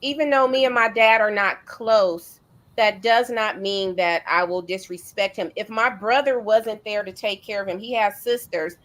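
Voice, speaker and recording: A middle-aged woman hosting a casual chat, telling family stories in a relaxed way with fillers and restarts. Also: medium pitch, normal speed. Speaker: host.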